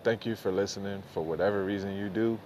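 A man's voice: lowish voice, steady tone, fast talker, a little mellow, a little hiss or hum. A middle-aged man, rambling loosely and profanely through a casual solo podcast monologue, often mocking himself. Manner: loose, profane, self-mocking, drifts between thoughts. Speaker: podcast host.

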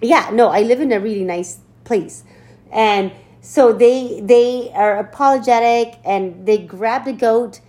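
A woman co-hosting a podcast, telling a funny story in casual chat, animated, laughing and cursing as she goes. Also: fairly high pitch, measured pace. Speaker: podcast co-host.

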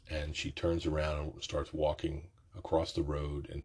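A middle-aged man telling a rambling, profane story from his youth, often correcting himself mid-sentence, with a raspy voice. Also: a bass voice, completely flat delivery, unhurried, darkish tone. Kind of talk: casual storytelling.

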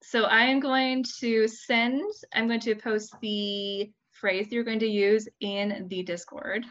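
A woman's voice: fairly high pitch, steady tone, slow, a bit bright, muffled recording. A woman running a tabletop game as dungeon master in casual chat over a voice call, upbeat and laughing often.

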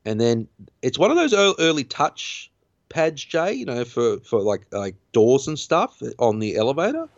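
A man's voice: medium pitch, big pitch swings, moderate pace, no room sound. A man hosting a podcast, casually retelling a film's plot in a rambling way, full of fillers and restarts. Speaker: podcast host. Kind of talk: casual film recap chat. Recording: dull lo-fi dry sound.

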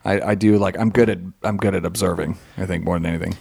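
A man co-hosting a podcast in casual chat, animated and quick to laugh. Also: sits low, creaky, slightly rough, dry recording. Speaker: podcast co-host.

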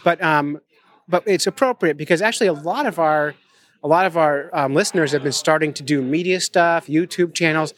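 A man's voice: a little high, a little fast, a bit bright. A man hosting a podcast live at a conference, chatting casually with jokey, self-mocking asides. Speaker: podcast host. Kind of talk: casual chat at a conference table. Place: conference venue.

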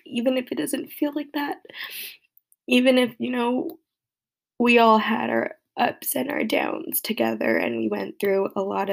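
A young woman recording a casual solo podcast for friends, talking in a halting, rambling way with many fillers and often dropping to a soft near-whisper. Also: fairly high pitch, creaky. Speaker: friend recording a birthday message.

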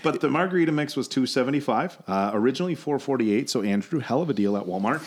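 A man's voice: mid-range voice, expressive, quick pace. A man hosting a podcast in casual chat, rambling and swearing, often laughing as he talks. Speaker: podcast host.

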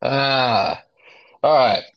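A man's voice: mid-range voice, extremely slow. Laid-back young man, slightly muffled. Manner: laid-back, crude, frequent "dude". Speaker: podcast co-host. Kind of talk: casual chat. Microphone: remote call line. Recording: slightly dull lo-fi audio.

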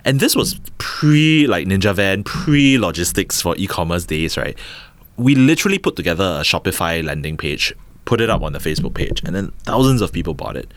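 Deep-voiced Singaporean man telling lively stories. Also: a little fast, no room sound. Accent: Singaporean English. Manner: animated storyteller, acts out quotes, tag questions "right?". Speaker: podcast guest, entrepreneur. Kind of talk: casual storytelling interview.

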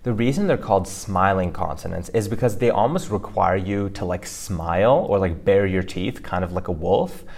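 A man's voice: deep voice, moderate pace, gravelly, few pauses, a little mellow, husky. A man co-hosting a casual language lesson, explaining pronunciation loosely with fillers and restarts. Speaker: language teacher co-host. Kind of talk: casual instructional podcast.

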